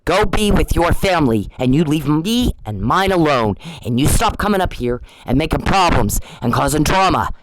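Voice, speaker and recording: Fairly high-pitched and animated, a vlogger swears furiously at his harasser, speaking at a moderate pace with hardly any pauses and circling back to the same warnings over and over. His tone is a bit bright, and the audio quality is poor.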